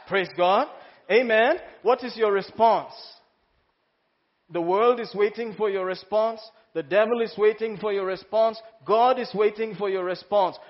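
A pastor preaching an exuberant, laughing sermon in a large church hall. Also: male voice, high-pitched. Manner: exuberant, laughing, exclaims hallelujah. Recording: muffled sound, long hall reverb.

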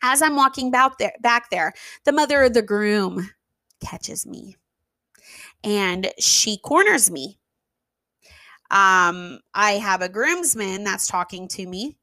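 A woman who runs an event venue tells a casual story, animated and emphatic, with fillers and the odd swear word. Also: medium pitch, dry recording. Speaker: venue owner.

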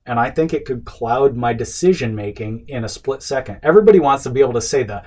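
A man's voice: fairly low pitch, darkish tone, breathy edge. A middle-aged man giving an earnest, casual motivational talk to other men, with plenty of fillers and restarts.

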